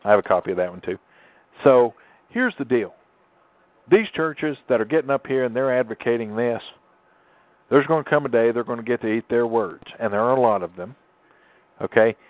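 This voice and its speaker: A low-voiced man preaches his point over a tinny phone line, emphatic and sermon-like. He drags out the words he wants to land, and his voice sounds dry and close. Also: dry recording. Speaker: host and pastor. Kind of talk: preachy radio talk.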